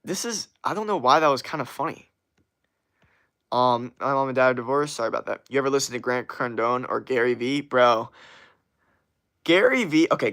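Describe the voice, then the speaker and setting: A man who hosts a casual livestream and reads viewer comments aloud. He rambles in a relaxed way and swears often, with an average pitch. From USA. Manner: rambling, profane, laid-back. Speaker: livestream host.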